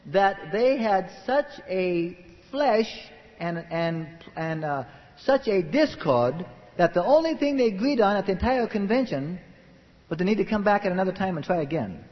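A man preaching a sermon with passion, swinging between loud emphatic lines and hushed, muttered asides. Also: high-pitched. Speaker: pastor. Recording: dull old recording in a reverberant hall.

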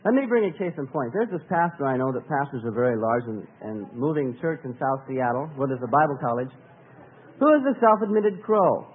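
A man teaching a congregation about worship singing, earnest and animated, sometimes singing short phrases to show his point. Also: medium pitch, brisk, narrow, tinny audio, a little hiss or hum.

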